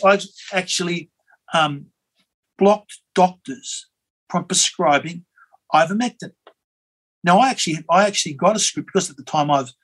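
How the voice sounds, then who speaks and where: An Australian man, a former member of parliament, telling a rambling, animated story as an interview guest, with many fillers and restarts. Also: on the high side, husky, rough recording. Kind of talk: conversational storytelling.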